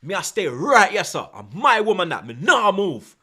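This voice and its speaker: A man's voice: sits high, sing-song, moderate pace, bright, forceful tone, slightly rough, voice pushed up, exaggerated voice. A man putting on a Jamaican accent to play himself refusing to move, raised and defiant. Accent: Jamaican (put on). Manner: defiant, stubborn.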